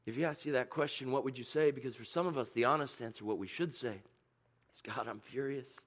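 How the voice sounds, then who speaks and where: A man preaching a sermon as pastor, moving from hushed, intimate questions to loud, soaring climaxes. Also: medium pitch, fast talker. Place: church service.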